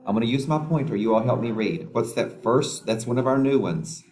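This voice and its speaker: A man teaching a phonics lesson to young children, slowly sounding out letters and words with patient prompts. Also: medium pitch, darkish tone.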